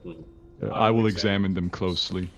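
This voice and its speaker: Deep-voiced man playing a tabletop game. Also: steady tone, moderate pace. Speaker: player.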